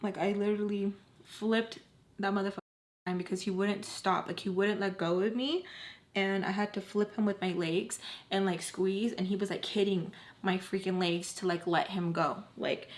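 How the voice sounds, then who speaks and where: A woman's voice: medium pitch, fairly even intonation, normal speed. A young woman in her twenties telling a personal story to camera in a casual storytime, filling her sentences with "like" and sometimes dropping to a near whisper. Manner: frequent "like" fillers, drops to near whispers when tense.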